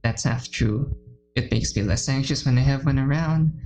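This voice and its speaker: A woman reading aloud as a timid, anxious, self-blaming teenage girl in a visual novel game, in a low, mellow voice. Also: normal speed, rough recording. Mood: relieved.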